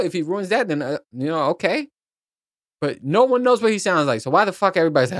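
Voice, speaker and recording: A man's voice: on the high side, expressive, fairly quick, no echo, clean studio sound. A man hosting a podcast alone, rambling in a casual chat and swearing freely. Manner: rambling, profane, laughs at his own points. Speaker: podcast host.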